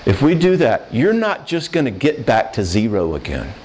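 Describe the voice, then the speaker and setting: A man's voice: medium pitch, very animated, normal speed, darkish tone. A man speaking in a mid-range voice with an earnest, conversational manner, like a sermon that drifts into casual asides. He talks with feeling and keeps checking in with his listeners. A faint hiss of background noise sits under the recording. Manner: earnest, conversational, emotional at times. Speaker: Christian speaker on marriage and forgiveness. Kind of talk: sermon-style talk.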